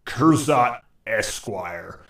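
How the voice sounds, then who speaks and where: A man's voice: medium pitch, expressive, extremely slow, vocal fry, fairly bright tone, roomy sound, distant mic, full character voice. A man doing a grumbling, fed-up name reader. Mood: exasperated. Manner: grumbling, exasperated. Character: grumbling bored male machine operator reading names.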